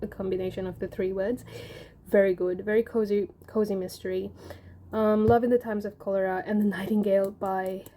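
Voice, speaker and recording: A woman's voice: flat delivery, brisk, warm tone. A woman from Sri Lanka chatting casually and gushing about her books at home, rambling with frequent ums. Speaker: book vlogger. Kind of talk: casual chat. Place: home in Hobart. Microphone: camera mic. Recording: low-quality home video with faint noise.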